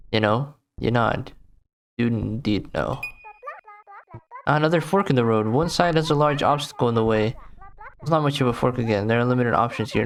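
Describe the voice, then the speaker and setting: A man playing a game on video, reading its text aloud with casual, bemused commentary. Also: medium pitch. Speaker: gaming YouTuber.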